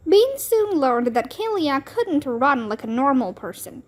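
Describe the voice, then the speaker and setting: A woman reading a children's book aloud, narrating in a slow, expressive manner. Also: high voice. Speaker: storybook reader.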